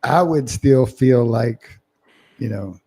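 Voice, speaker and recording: A man with a gravelly, creaky voice at a middle pitch, co-hosting a sports podcast in loose, casual banter. His delivery stays dry and flat, so even serious lines come out sounding a touch sarcastic. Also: takes it slowly. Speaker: podcast co-host. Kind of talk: casual chat.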